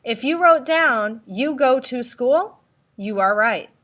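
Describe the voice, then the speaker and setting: Teacher lady, kinda high bright voice, slow and careful, spells stuff out. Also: expressive. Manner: slow, deliberate, spells out letters and prompts repetition. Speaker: Spanish teacher. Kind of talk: recorded classroom tutorial.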